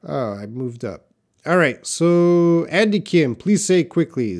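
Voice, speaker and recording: A man runs a live English class, speaking at a very slow, deliberate pace. He drills pronunciation by repeating single words several times. Between drills he answers viewers by name. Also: fairly high pitch, big pitch swings, a little mellow. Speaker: English teacher. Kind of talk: live online English lesson.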